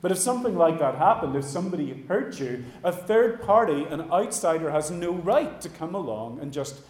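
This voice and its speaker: Pastor preaching in an echoey hall. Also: male voice, fairly high pitch, expressive, normal speed, darkish tone. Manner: conversational, addresses the congregation directly. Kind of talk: sermon. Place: church hall.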